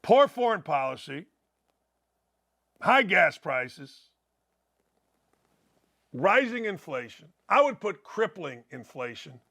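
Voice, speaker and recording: A middle-aged man hosting a sports talk show, rambling and excitable, breaking into loud shouts as he talks betting. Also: high-pitched, takes it slowly, creaky, long pauses.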